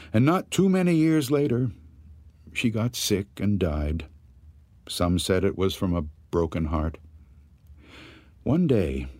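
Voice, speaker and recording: A male storyteller reading a spooky tale. His fairly low voice swings widely in pitch as he builds suspense, and he takes his time over every line. The sound is close and dry. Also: darkish tone, no echo. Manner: slow, dramatic storytelling with rising suspense. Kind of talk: scripted narration of a ghost story.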